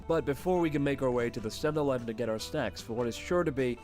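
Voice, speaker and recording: A man's voice: medium pitch, quick pace, a little mellow. A man giving a scripted, sardonic voice-over narration and swearing now and then. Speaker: vlogger narrating. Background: background music.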